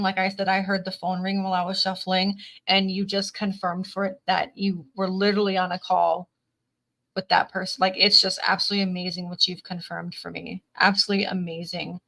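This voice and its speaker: Woman, live tarot reader, bright crisp tone, repeats phrases, talks back to viewer comments. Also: medium pitch, little pitch movement, a little fast. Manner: warm, emotional, repeats phrases, reads viewer comments aloud. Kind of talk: live-stream tarot reading chat.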